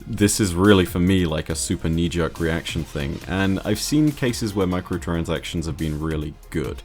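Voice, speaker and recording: A man laying out gaming news in a clear, orderly, measured way during a casual discussion. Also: deep voice, lively intonation, darkish tone, soft background music. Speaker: guest commentator on a gaming discussion. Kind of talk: casual chat.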